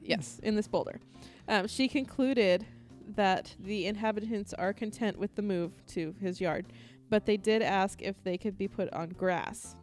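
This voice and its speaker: A woman reads odd news stories in a loose, joking way, stumbling over words and padding with "um"s. Her pitch sits mid-range. A faint music bed runs under the talk. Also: measured pace. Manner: chatty, laughing, reads from printed notes with fillers. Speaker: news segment presenter on a casual show. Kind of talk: casual comedic news reading.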